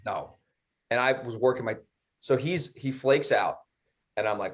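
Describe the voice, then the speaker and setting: With a medium-pitched voice at normal speed and frequent pauses, a podcast co-host recounts a story in a heated, profane way, mimicking others and playing both sides. It's casual storytelling with slight background noise.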